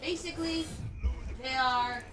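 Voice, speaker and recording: A woman's voice: sits high, measured pace, recorded from a distance, noisy background. A woman teasing her friends on a casual gaming stream in a dry way. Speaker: stream co-host. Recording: echoey room, away from the mic.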